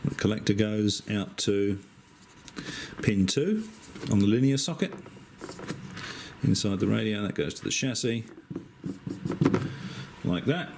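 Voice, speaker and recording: A middle-aged man with an Australian accent, an amateur radio operator, talking through a wiring diagram in a relaxed, chatty way, with frequent hesitations and dry asides. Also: on the low side, a little slow, creaky, long pauses, noisy background. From Western Australia. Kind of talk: casual technical explanation.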